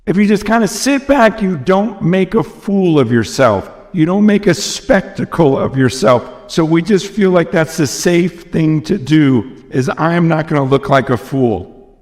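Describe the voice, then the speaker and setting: A man's voice: fairly high pitch, lively intonation, unhurried, a little mellow. An American man preaching a sermon, earnest and emphatic, often repeating phrases, recorded in a large church hall. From United States. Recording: long reverb from a large hall.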